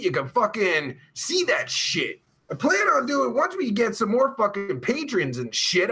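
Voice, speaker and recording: A man hosts a casual live stream, reeling off viewer names and crude, swear-filled asides. His voice sits high and bright with a husky grain. He talks slowly and his pitch leaps around as he goes. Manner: rambling and heavily profane; jokey and crude. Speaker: podcast host.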